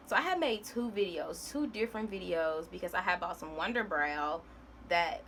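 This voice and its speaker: A woman's voice: medium pitch, fairly bright tone, a little hiss or hum. A young woman, chatting casually and rambling through a makeup vlog, with dramatic outbursts. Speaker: beauty vlogger.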